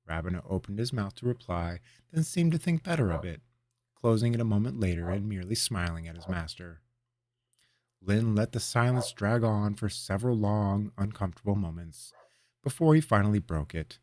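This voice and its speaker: A man narrating a fantasy story aloud in a measured, expressive storytelling manner. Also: low voice, dry recording. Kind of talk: audiobook reading of a fantasy story.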